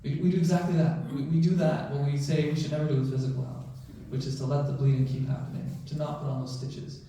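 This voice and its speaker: Dark-voiced man in an echoey hall. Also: a little high, level tone, fast talker, recorded from a distance, slight background noise. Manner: conversational, often asks "right?" and "you know". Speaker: physician speaking at a mosque. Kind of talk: community talk to a mosque audience. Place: large mosque prayer hall.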